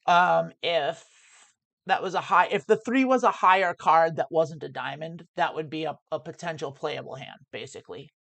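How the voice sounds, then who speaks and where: A woman's voice: low-pitched, moderate pace, gravelly, a bit bright, no room sound. A woman streaming poker, explaining each hand aloud as she plays, often restarting her sentences. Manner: thinks aloud about hands, restarts often. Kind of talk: live poker play-and-explain commentary.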